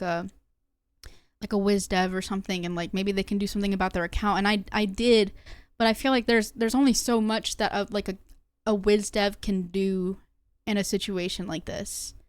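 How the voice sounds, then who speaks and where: A woman's voice: mid-range voice, steady tone, a little fast, clear, resonant tone, no echo. A young woman streamer talking casually to her chat, rambling with lots of fillers and restarts. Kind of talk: casual livestream talk to chat.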